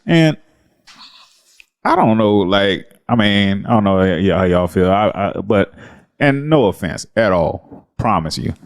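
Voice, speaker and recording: A man with a fairly low voice co-hosts a casual sports podcast. He talks in a relaxed way, spins stories and laughs often. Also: measured pace. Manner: laid-back, storytelling, laughs often. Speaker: podcast co-host.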